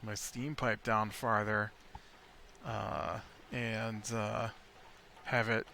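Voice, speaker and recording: A man's voice: fairly low pitch, little pitch movement, extremely slow, creaky, bright, forceful tone, a little hiss or hum. An American man giving casual gameplay commentary, thinking aloud and rambling with lots of fillers. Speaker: let's play host.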